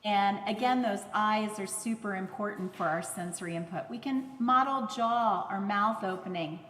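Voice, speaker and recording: A woman's voice: medium pitch, fairly bright tone. Woman lecturing in an echoey hall. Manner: explanatory, measured, with fillers. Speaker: conference speaker, speech therapist. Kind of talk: remote lecture presentation.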